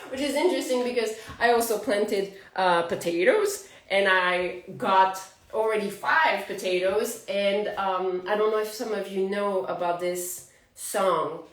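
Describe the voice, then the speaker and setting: Speaking a little slowly in a mid-range voice, this French-accented astrology channel host in her forties chats casually with viewers about spiritual astrology, laughing frequently between ideas. The mic is set back, giving a roomy sound.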